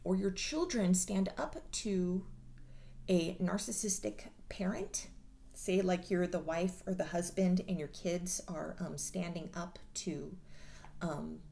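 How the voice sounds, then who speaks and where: A woman's voice: on the low side, slow, gravelly, warm tone, slight background noise. A woman vlogger giving a casual monologue in a blunt, profane and sarcastic way. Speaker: mental health vlogger.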